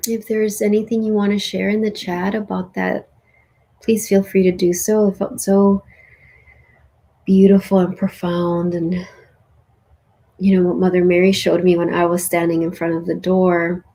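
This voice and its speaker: A woman guiding a spiritual meditation ceremony in a soft, slow, soothing way, then chatting casually and saying "like" often. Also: fairly low pitch, flat delivery. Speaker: spiritual teacher leading a ceremony. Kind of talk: guided meditation and casual talk. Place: live online session with chat.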